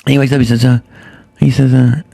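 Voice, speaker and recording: A man telling stories in casual chat as a comedian guest, often jumping into high-pitched impressions. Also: flat delivery, brisk, creaky, warm tone.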